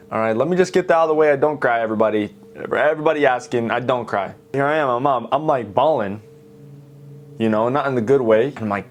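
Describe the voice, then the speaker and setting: A young man speaking at a medium pitch, earnest and emphatic as he recounts his struggles and talks straight to the people watching. He tells his story while drawing, with a faint hiss under his voice. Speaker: art teacher and YouTuber.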